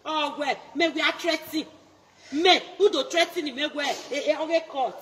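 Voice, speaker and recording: A Nigerian woman in a loud, taunting social media rant, mocking and laughing between her jabs. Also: sits high, normal speed.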